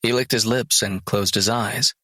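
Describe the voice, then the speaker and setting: A man reads a first-person audiobook in a dry, sardonic way. His voice is low-ish, bright and breathy, recorded close in a dry booth. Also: steady tone, moderate pace, no room sound. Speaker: audiobook narrator.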